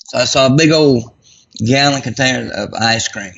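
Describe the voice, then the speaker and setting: A man telling a personal story in a folksy, self-deprecating way, with a gravelly voice. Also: mid-range voice, brisk, fairly bright tone, dull audio. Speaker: guest.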